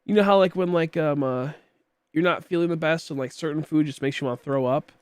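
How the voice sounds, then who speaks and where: A man's voice: on the high side, fairly quick, a little mellow, clear, resonant tone, no echo, studio quality. A man in his late twenties chatting casually while streaming a game, rambling with many fillers and coughing now and then. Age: late 20s. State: coughing, throat tickly.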